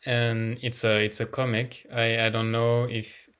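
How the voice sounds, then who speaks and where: Non-native English-speaking man teaching astrology, halting and unhurried delivery. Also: medium pitch, completely flat delivery, a bit bright, clear, resonant tone. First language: not English. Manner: hesitant, repeats words while searching for them. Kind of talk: casual explanatory talk.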